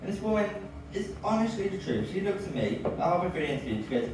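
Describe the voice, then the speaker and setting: An English stand-up comedian tells stories in a lively, swooping style, breaking into loud cries. His voice is high-pitched and quick. He's heard from far off in a very echoey comedy club with an audience, and background noise is noticeable throughout.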